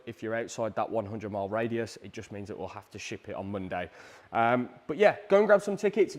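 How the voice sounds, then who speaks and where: A British man hosting a live prize draw stream, chatty and energetic, with a salesy push and frequent ums. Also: mid-range voice. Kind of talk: upbeat live-stream announcements.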